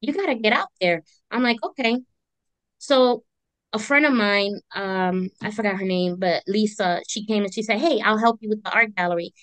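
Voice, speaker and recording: Animated woman telling her story. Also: medium pitch, normal speed, dry recording. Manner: animated, acts out voices in her stories. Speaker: guest, artist and army veteran. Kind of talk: conversational storytelling.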